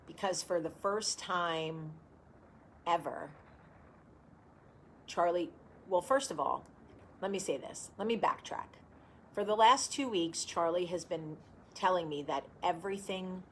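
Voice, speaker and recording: A woman's voice: on the low side, a bit bright, a little hiss or hum. A woman with a New Jersey accent hosting a casual livestream chat, telling a rambling story and greeting viewers by name as she goes. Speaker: host.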